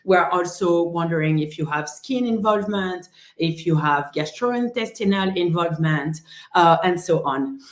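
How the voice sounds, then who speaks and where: A woman's voice: fairly low pitch, moderate pace, reverberant. A woman with a French accent, a rheumatologist hosting a casual live-stream lesson, chatty and full of "uh" and "um" fillers.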